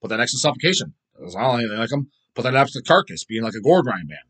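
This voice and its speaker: A man with a husky, somewhat breathy voice at an ordinary pitch rants casually about music on his own show. He talks bluntly, swears constantly and rambles through restarts and asides. He is recorded on a phone. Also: very animated, fast, a bit bright. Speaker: host answering viewer questions. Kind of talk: casual profane rant.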